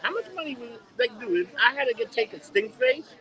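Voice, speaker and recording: A man with a high voice talks bluntly in loose podcast banter. He argues his points in a casual, plain-spoken way and says "dude" a lot. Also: expressive, fairly quick, pushed and bright, rough recording. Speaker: podcast co-host. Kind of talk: casual chat.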